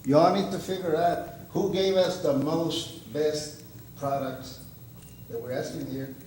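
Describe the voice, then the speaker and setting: A man with a mellow, dark voice argues his case at a board meeting. He speaks insistently, with halting restarts. The room is echoey and a faint ambient hum runs underneath. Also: on the high side, steady tone. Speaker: public commenter at a board meeting. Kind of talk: public comment at a board meeting.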